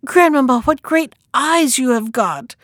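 A woman voicing an innocent, trusting little girl in a storybook reading, with a high, wondering voice. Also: sing-song, dry recording, studio quality. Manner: high, wondering, drawn-out questions.

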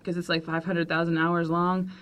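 A woman's voice: fairly low pitch, little pitch movement, moderate pace, a bit bright. A woman co-hosting a podcast, chatting casually about a book she recommends and laughing easily. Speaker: podcast co-host.

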